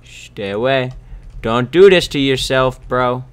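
A young gaming YouTuber sits close to his desk mic, offering goofy, rambling commentary as he plays. His voice sits at a medium pitch and he takes his time. Every so often he bursts into shouts or drops to a whisper.

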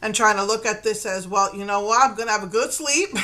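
Middle-aged mom vlogging, chatty storyteller, bright voice. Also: female voice, medium pitch, fast, poor audio. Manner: chatty, retelling events with quoted dialogue and nervous laughs. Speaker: mother. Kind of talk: casual personal vlog storytelling.

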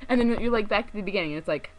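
A woman's voice: mid-range voice, quick pace, fairly bright tone, poor audio. A young woman in casual chat to camera, gushing and rambling with many fillers and giggles. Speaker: vlogger.

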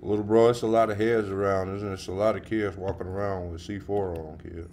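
Streaming a game live, a man delivers slangy trash-talk to other players at a brisk pace, bursting into high, excited yelling. There is slight background noise behind his gameplay commentary.

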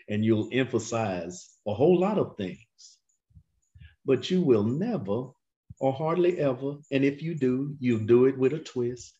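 A man teaching a Bible class, questioning his students and drawling key phrases slowly for emphasis. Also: medium pitch. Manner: animated, questions the class and waits for answers. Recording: dull lo-fi recording.

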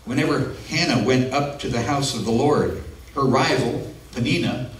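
A man's voice: medium pitch, moderate pace. A man preaching a sermon as pastor, in an earnest, conversational way with personal asides, in a church. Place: church sanctuary. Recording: echoey room, mic at a distance.

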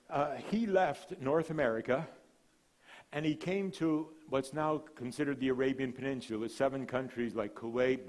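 Man preaching with dramatic hushes. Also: mid-range voice. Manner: dramatic preaching with sudden drops to a hush; storytelling, relaxed asides. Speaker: guest speaker, missionary. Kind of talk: sermon.

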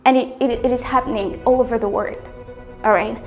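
A woman's voice: a little high, steady tone, a little fast. A woman host gives an earnest, emphatic motivational talk and repeats key words for stress. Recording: music playing underneath. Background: music.

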